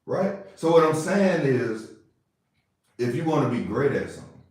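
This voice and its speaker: A man's voice: mid-range voice, animated, normal speed, a little mellow. Echoey man preaching casually to listeners. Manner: casual, preachy, repeats phrases, asks "you see what I'm saying". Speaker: podcast host. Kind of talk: motivational monologue. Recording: roomy echo with faint music.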